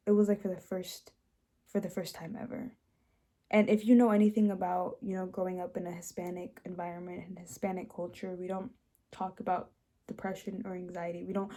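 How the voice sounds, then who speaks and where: A young woman sharing a personal testimony, speaking emotionally with many restarts and fillers, dropping soft and rising louder. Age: young adult. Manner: swings between soft low passages and louder rises. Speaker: host.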